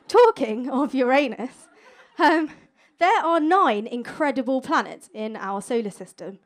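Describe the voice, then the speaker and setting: A young woman with a high voice works a live crowd in a stand-up set. She is cheeky and playful, quick to land a joke. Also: lively intonation. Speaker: stand-up science comedian. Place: stage before a live audience.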